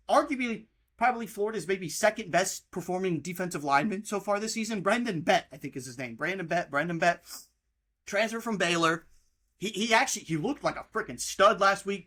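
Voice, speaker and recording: Man ranting heatedly, bright and lively. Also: high-pitched. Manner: heated, profane, exasperated ranting. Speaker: podcast host. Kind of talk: solo sports rant. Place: outdoors by the water.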